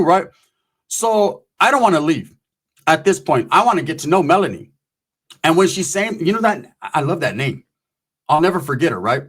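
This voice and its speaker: Husky man telling a rambling street story. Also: high-pitched, animated, fairly quick. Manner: profane, rambling, acts out voices. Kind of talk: casual storytelling.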